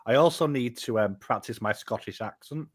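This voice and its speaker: A man joining a casual chat, mid-pitched and relaxed. He rambles with a wry, joking edge. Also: normal speed. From United Kingdom. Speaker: guest.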